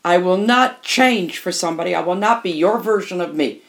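A woman's voice: on the low side, expressive, normal speed. An older woman, a musician and interview guest, telling candid stories in an emphatic way and often repeating phrases for emphasis.

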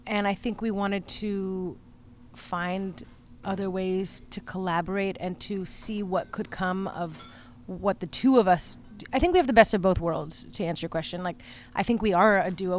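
A woman musician talking about her songwriting in an interview, thoughtful and hesitant with many pauses and fillers. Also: mid-range voice, a little hiss or hum. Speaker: musician guest. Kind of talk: conversational interview.

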